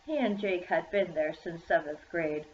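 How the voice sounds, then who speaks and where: A woman's voice: fairly low pitch, normal speed, a little mellow, a little hiss or hum. A woman reading her own children's story aloud in a plain manner. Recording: echoey room, dull lo-fi sound.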